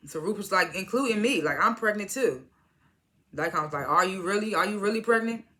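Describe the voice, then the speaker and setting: A woman's voice: medium pitch, lively intonation, moderate pace, sharp tone. A woman casually recapping a TV episode, retelling scenes by quoting each character in turn and laughing at them. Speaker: TV show reviewer.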